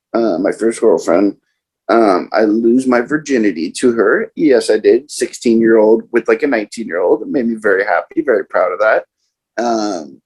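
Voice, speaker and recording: A young man casually telling a profane personal story, animated and acting out other people's lines. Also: lowish voice, slightly rough, poor audio. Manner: profane, animated, quotes others in raised voices.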